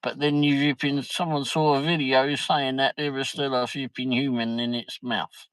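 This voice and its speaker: Guy yakking on his stream, laughs a lot, normal pitch, dry close sound. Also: little pitch movement, normal speed, fairly bright tone, smooth, no echo, low-quality recording. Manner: rambling, laughs often, peppers speech with "flipping". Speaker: livestream host. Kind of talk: casual chat, anecdote.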